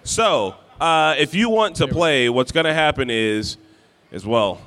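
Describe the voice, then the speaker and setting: A man's voice: a little high, lively intonation, a little slow, a bit bright. A man co-hosting a live game on a convention stage, easygoing and joking, calling out to people in the room. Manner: easygoing, joking, calls out to the crowd. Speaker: guest co-host.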